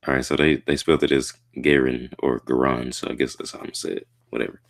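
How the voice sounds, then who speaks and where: Very deep-voiced man reading manga aloud. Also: fast talker, vocal fry. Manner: reads panels aloud, excitable outbursts, slangy. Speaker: manga reaction host. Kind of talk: casual manga reading and reaction.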